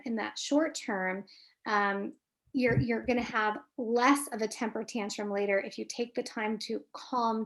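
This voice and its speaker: A woman with a raised pitch and a gravelly edge speaks as a family therapist in an online webinar. She gives practical advice in a coaching way and asks whether her answers help. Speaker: licensed marriage and family therapist, webinar guest.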